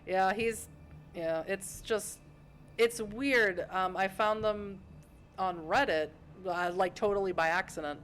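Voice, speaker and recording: A woman's voice: mid-range voice, takes it slowly, a bit bright, a little hiss or hum. Chatty, giggly woman streamer. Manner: chatty and giggly, joking asides. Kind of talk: live game stream with read-aloud narration.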